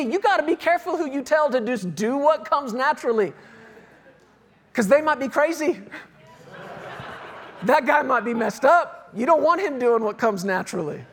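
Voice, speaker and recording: A young man preaching a sermon, drawing out scripture passages slowly and with weight between casual stories. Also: very high voice, fairly bright tone. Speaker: pastor.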